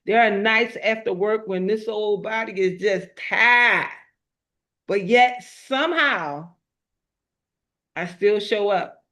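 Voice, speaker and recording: A woman's voice: mid-range voice, slow pace, pushed and bright. A middle-aged woman giving a motivational talk. She speaks emphatically, in a preacher-like rhythm of repeated phrases, and tells personal stories along the way. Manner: emphatic, preacher-like repetition with storytelling.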